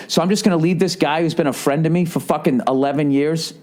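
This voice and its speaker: A man's voice: on the high side, fast, few pauses, a little mellow. A man telling stories in a casual podcast monologue, rambling and swearing constantly, often checking in with "right?" as he goes. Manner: rambling, profane storytelling with frequent swearing and "right?" asides. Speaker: comedian hosting his podcast.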